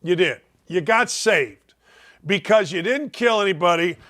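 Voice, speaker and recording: An older man hosting a sports talk show, delivering a blunt, mocking rant that swings between loud jabs and low mutters. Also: animated, a little slow.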